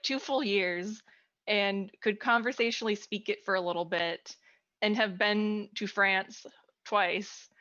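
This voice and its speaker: On a tabletop gaming panel, a woman chats casually, gives out advice, and laughs at herself. Her mid-range voice is bright and forceful, with no echo, though the recording sounds dull and muffled.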